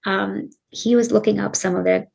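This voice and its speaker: Middle-aged woman, gravelly voice, earnest, halting, personal storytelling. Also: mid-range voice, fairly even intonation, darkish tone. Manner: earnest, halting, circling back on her words. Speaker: guest, bereaved mother.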